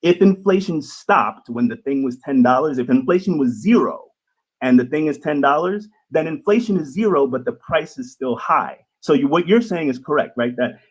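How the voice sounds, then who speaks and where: A man on a discussion panel who explains his points calmly and patiently. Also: fairly high pitch, moderate pace, husky, poor audio. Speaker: panel guest. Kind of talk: panel debate.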